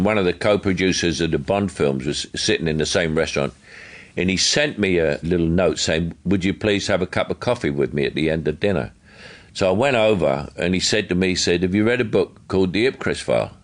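Deep, animated Cockney raconteur swinging his pitch as he voices others in the tale. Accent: London Cockney. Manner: lively storytelling, acting out quoted dialogue. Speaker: interviewee. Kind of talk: anecdote in an archive interview.

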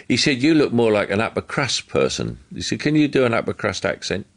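Deep, animated Cockney raconteur swinging his pitch as he voices others in the tale. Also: fast talker, hardly any pauses. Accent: London Cockney. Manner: lively storytelling, acting out quoted dialogue. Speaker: interviewee. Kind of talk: anecdote in an archive interview.

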